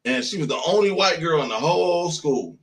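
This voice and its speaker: A man's voice: expressive, fairly quick, rough recording. Blunt, profane man in casual talk. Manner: blunt, profane, swings from loud to low. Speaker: host. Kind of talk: casual chat.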